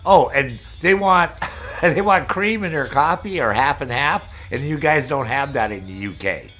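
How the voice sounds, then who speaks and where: With lively intonation and a bright, forceful tone, a medium-pitched middle-aged man speaks at a moderate pace while hosting a casual chat with viewers. This streamer host from Maine, United States, is a profane, rambling storyteller whose stories are thick with swearing.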